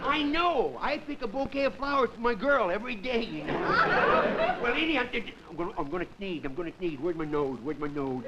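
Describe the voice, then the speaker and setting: A man's voice: extremely high pitch, huge pitch swings, normal speed, over a noisy crowd, very noisy, exaggerated voice. A man playing a punch-drunk, dim-witted prizefighter who mumbles and rambles off topic. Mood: dopey, rambling. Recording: dull early 1950s television audio, loud audience laughter.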